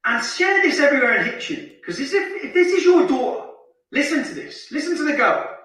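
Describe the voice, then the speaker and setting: A man's voice: very high voice, very animated, fairly quick, pushed and bright, recorded from a distance. Ranting man, echoey playback. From Luton, England. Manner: heated, scornful, repeats phrases for emphasis. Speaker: online commentator narrating a street video. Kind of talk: indignant ranting commentary.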